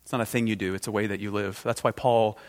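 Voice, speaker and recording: A man preaching a sermon, swinging from loud outbursts to hushed intensity. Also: fairly low pitch, fairly even intonation, quick pace. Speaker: pastor. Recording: long reverb of a large hall.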